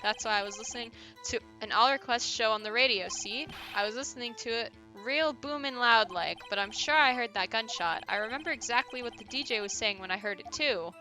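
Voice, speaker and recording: A woman voicing a brash, lonely young male witness, talking loud, defensive and slangy while reading a game's dialogue aloud. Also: fairly high pitch, fairly quick, faint music behind.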